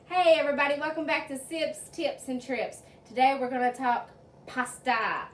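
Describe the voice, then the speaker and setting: A woman's voice: high voice, animated, moderate pace, slight background noise. A woman hosting her own cooking channel, talking viewers through a recipe in a chatty, homey way with plenty of fillers, recorded in her home kitchen. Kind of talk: casual cooking demonstration. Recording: roomy, distant sound.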